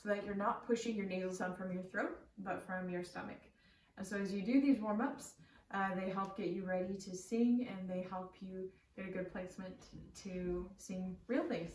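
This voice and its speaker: A woman voice teacher explaining warm-ups in a relaxed, chatty way, with frequent ums and likes. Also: medium pitch, moderate pace, slight background noise. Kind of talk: casual spoken singing lesson. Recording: roomy echo from a distant mic.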